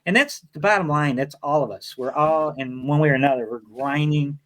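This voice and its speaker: A man guest on a podcast, spinning an animated travel story and swearing freely along the way. His voice sits fairly high for a man. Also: fairly quick. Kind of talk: casual chat.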